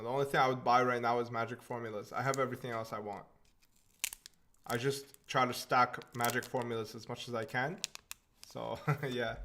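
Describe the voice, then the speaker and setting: A young man hosts a relaxed live question-and-answer stream, reading viewer questions aloud and answering off the cuff. His voice sits at an average pitch, and he talks in an easygoing, offhand way, often tossing in "man" at the end of a line. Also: slight background noise. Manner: laid-back and offhand, often says "man". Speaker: livestream host.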